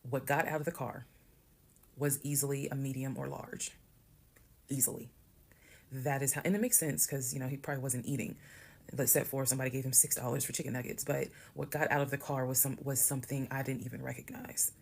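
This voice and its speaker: A woman's voice: a bass voice, level tone, fast talker, vocal fry. A woman telling a personal story in a casual, blunt, conversational way, cursing now and then. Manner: conversational, blunt, swears while retelling.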